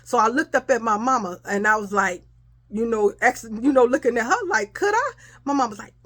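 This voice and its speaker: A middle-aged woman speaks with a fairly high voice. She tells a personal story in a loose, chatty way, calling out to her listeners as y'all. Along the way she acts out the quotes of the people in the story. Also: a little fast, fairly bright tone. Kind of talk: casual storytime.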